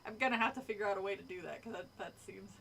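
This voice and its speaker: Bright-voiced woman reading aloud to her stream. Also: mid-range voice, very fast, gravelly, breathy edge. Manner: chatty, swears, laughs often. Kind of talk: casual read-aloud with commentary. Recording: voice distant from the mic.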